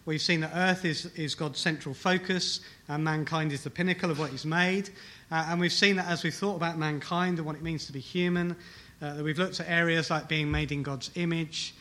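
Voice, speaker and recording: Bright, emphatic man preaching a sermon. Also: fairly high pitch, fairly even intonation, brisk. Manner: emphatic, rhetorical questions, repeats key phrases. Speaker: pastor. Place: church hall with congregation.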